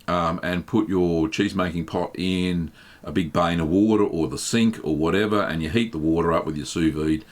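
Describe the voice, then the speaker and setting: A man hosting a live stream, reading viewers' questions aloud and answering them in a relaxed, chatty way with plenty of ums. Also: low-pitched, moderate pace. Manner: relaxed and chatty, reads chat messages aloud, many um fillers. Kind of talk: casual live Q&A chat.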